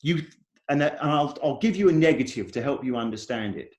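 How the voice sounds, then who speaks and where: A man's voice: medium pitch, animated, a little fast, darkish tone, highs cut off. A man with an English accent giving a technical conference talk over a video call, emphatic and repeating his key points. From England. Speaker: conference speaker.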